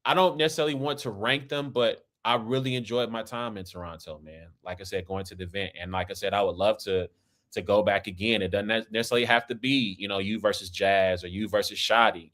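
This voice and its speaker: A man's voice: fairly low pitch, fairly quick, fairly bright tone. Loose-talking American man from Kansas City. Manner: rambling and loose, with frequent "right?" and "man". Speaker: podcast host. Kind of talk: casual conversation.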